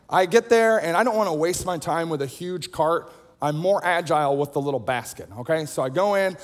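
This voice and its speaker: A man preaching a sermon, telling everyday stories in a chatty, self-deprecating way. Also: on the high side. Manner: conversational storytelling with self-deprecating humor. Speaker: pastor. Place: large auditorium. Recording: long hall reverb.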